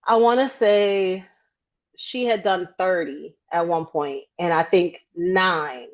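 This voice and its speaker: A woman co-hosting a casual podcast chat, telling a story with lively acted-out quotes and frequent hedging. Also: fairly low pitch, slow pace, lo-fi sound. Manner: animated storyteller acting out quotes, hedges often. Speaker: podcast co-host.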